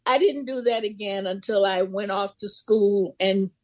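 Older woman, interview guest, lively storyteller, dry close sound. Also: medium pitch, unhurried, no echo. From Memphis. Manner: vivid storyteller, acts out voices in quotes. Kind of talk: personal storytelling.

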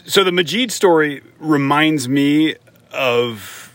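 A man's voice: fairly high pitch, slow, fairly bright tone, dry recording. A man hosting a podcast, asking reflective, probing questions in casual chat. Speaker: podcast host.

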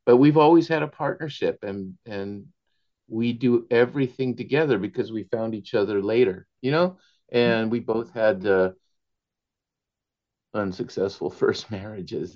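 A man, an author, telling animated anecdotes in an interview, laughing often and slipping into Spanish phrases. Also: fairly low pitch, normal speed, dull audio. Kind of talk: storytelling in a conversational interview.

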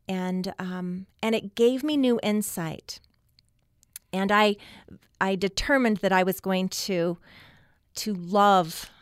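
A middle-aged woman telling a personal story as a radio guest, slow and reflective, with long pauses. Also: on the low side, dry recording, clean studio sound. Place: radio studio.

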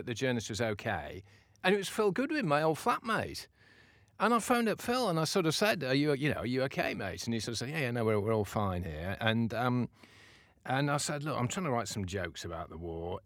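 A playwright being interviewed, telling a story in a lively way and acting out the voices he quotes. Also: mid-range voice, dry recording, clean studio sound. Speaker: playwright guest.

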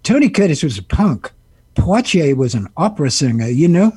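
A man in his seventies, a guest actor and musician, telling animated stories with laughter and impressions in an interview. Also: fairly high pitch, normal speed, slightly rough, no room sound. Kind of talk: interview storytelling.

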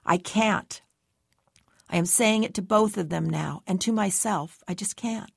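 A woman's voice: medium pitch, unhurried, vocal fry, breathy edge, no echo, studio quality. A woman giving tense, anxious first-person story narration as an audiobook narrator.

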